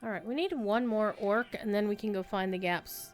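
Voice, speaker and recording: A woman's voice: mid-range voice, moderate pace, faint music behind. A woman live-streaming a video game, chatting casually with her viewers and reacting to the play. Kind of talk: casual live-stream commentary while gaming.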